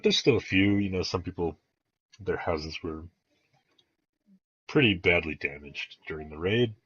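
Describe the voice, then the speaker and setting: A man's voice: low-pitched, fairly bright tone, husky, no echo. A man narrating as game master of a tabletop game, rambling with many fillers. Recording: dull, muffled dry recording.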